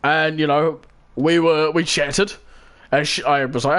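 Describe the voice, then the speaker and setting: A man's voice: medium pitch, steady tone, a little fast, a bit bright. A man with a New Zealand accent rambling casually to his vlog audience, full of filler and restarts. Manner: meandering, full of "you know" and restarts; swoops into silly voices when telling stories. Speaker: vlogger.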